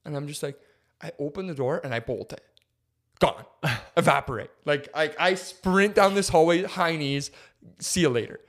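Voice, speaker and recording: A young man co-hosting a podcast, telling a story in a casual, animated way and filling his talk with "like" and "dude". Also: on the high side, normal speed. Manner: animated, filler-heavy, says "like" and "dude" constantly. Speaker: podcast co-host.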